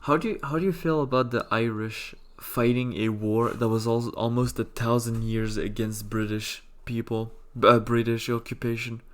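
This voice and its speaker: A man hosts a relaxed podcast chat, spinning stories with small restarts. He chuckles often as he talks. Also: medium pitch, moderate pace, hardly any pauses. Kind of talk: casual chat.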